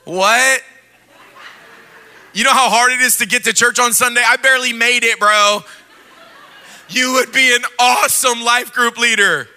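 A male pastor delivers a sermon in a high, strikingly bright voice. He is playful, acting out the scene in put-on voices before turning quietly intense. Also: steady tone, unhurried, pauses often.

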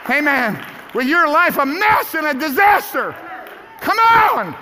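High, fervent preacher in a church. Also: male voice, expressive, normal speed, a crowd in the background, noisy background. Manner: fervent preaching, shouting climaxes and dramatic hushed drops. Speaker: pastor. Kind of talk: sermon. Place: church sanctuary. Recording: echoey hall with music and congregation.

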